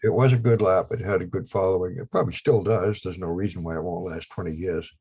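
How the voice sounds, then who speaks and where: On a dull, lo-fi video call, a man from Down East Maine is interviewed as a guest about his work making lapidary equipment. He talks fast in a low voice with fairly even intonation, a little mellow and with a breathy edge, rambling bluntly with dry humor.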